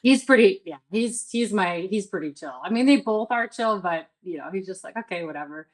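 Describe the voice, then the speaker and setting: A woman's voice: mid-range voice, lively intonation, moderate pace, poor audio. A woman in her thirties from the Midwest, telling a story as a guest in a casual interview, full of "like" and quoted self-talk.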